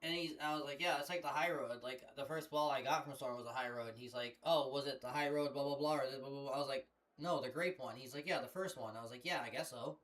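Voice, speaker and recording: A man's voice: medium pitch, quick pace, few pauses, fairly bright tone. A young man chatting casually on a headset mic, telling a long rambling story full of swearing. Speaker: streamer. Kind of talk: casual chat.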